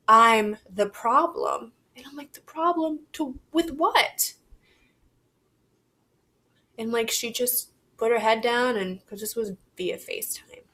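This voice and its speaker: A young woman vlogging to camera, talking in a halting, reflective and candid way, swearing casually. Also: mid-range voice, fairly bright tone. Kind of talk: personal confessional vlog.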